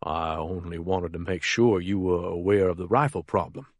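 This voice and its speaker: A man's voice: low voice, moderate pace, dry recording, clean studio sound, voice pushed down, lightly acted. A man voicing a nervous, deferential older man. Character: nervous older male lawyer type, anxious.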